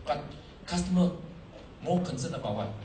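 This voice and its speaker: A man giving a seminar talk to a live audience, animated, quizzing the crowd, in broken English phrasing. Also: on the high side, moderate pace, roomy sound, distant mic, rough recording. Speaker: motivational speaker at a business seminar.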